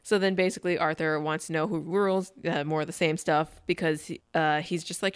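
A woman's voice: low voice, fairly quick, clear, resonant tone. A woman recapping a comedy movie in casual chat, laughing often and acting out the lines. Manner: animated, laughs often, acts out quotes.

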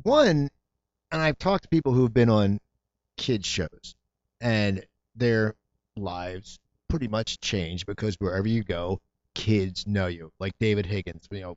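A man's voice: lowish voice, animated, moderate pace, no room sound, muffled recording. Rambling man host from New Jersey. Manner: chatty, rambling questions. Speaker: podcast host. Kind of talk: casual interview chat.

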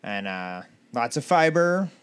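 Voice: medium pitch, sing-song, a little slow, clear, resonant tone. A podcast co-host in a casual chat, easygoing and joking, often laughing.

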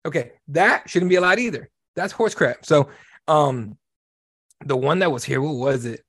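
A man's voice: on the high side, normal speed, a bit bright, breathy edge, no room sound, studio quality. A man on a casual podcast, talking bluntly with lots of profanity, ranting in a way of speaking.

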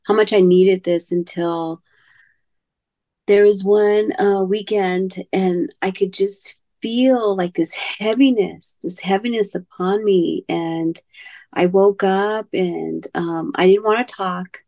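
A woman as a podcast guest, telling a personal story in a halting way, repeating words and sometimes dropping to a near-whisper. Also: mid-range voice, fairly even intonation, dark tone.

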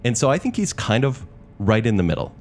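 A young man co-hosting a comedic podcast, chatty and quick to laugh. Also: medium pitch. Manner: laughs often, chatty, animated. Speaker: podcast co-host. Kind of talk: comedic role-play chat.

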